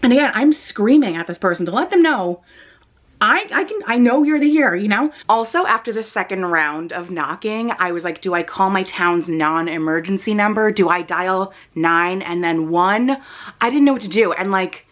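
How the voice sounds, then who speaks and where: A woman's voice: medium pitch, lively intonation, normal speed, fairly bright tone, dull audio. Young woman, shaken, jittery, rambling and swearing, lots of "like", late-night vlog, dim living room, phone mic. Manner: rambling, breathless and profane, lots of "like". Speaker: vlogger. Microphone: phone or webcam camera mic.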